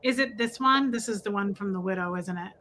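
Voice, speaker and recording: A woman's voice: medium pitch, fairly quick, sharp tone, slight background noise. A woman co-hosting a livestream, chatting casually and prompting her partner's stories. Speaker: co-host of a livestream. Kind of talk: casual chat.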